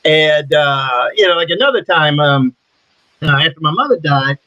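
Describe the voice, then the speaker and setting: A man's voice: fairly high pitch, expressive, normal speed, bright, forceful tone. A man telling blunt, profane stories as a comic book illustrator being interviewed. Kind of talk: casual interview storytelling. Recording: dull lo-fi dry audio.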